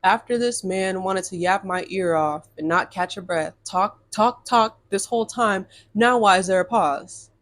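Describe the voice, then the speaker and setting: Animated young woman ranting a storytime. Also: mid-range voice, a little slow, few pauses. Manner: animated, exasperated, swears, addresses viewers as y'all. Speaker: storytime vlogger. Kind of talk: casual storytime rant.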